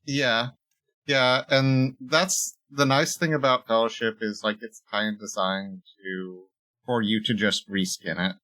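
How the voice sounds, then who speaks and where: A man's voice: on the low side, steady tone, unhurried, bright, forceful tone, poor audio. A man co-hosting a podcast in casual chat, hesitant, with many ums and short agreements. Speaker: podcast co-host. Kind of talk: casual chat about tabletop games.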